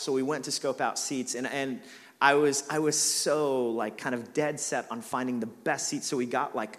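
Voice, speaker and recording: This pastor's voice sits at a medium pitch with a touch of brightness, echoing through a big hall as he preaches. His sermon features a humorous tale about himself, loaded with casual filler words, and he pokes fun at himself and laughs along the way.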